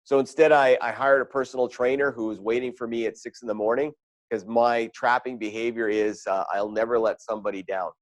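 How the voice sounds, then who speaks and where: A man's voice: medium pitch, fairly even intonation, a little fast, dry recording. A man giving a motivational talk on goal setting as a sales coach, conversational and full of personal stories. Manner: conversational, storytelling with quoted asides.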